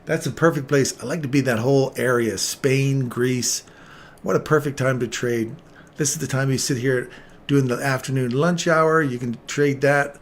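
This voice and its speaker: Man, stream host, chatty and jokey, mid-pitched voice, faint background hiss. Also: fairly even intonation, moderate pace. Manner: chatty, jokey, greets viewers by name. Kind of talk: casual live-stream chat.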